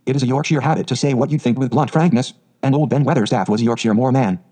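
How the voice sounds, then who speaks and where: Man narrating an audiobook, mellow warm tone, steady reading. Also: mid-range voice, quick pace, husky. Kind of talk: scripted storybook narration.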